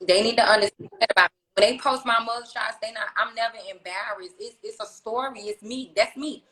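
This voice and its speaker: A woman rapper chatting on a livestream, telling stories in a brash, profane, animated way. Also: fairly high pitch, a little fast, roomy sound, poor audio. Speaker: rapper on tour, guest on a livestream. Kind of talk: casual livestream chat. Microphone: phone.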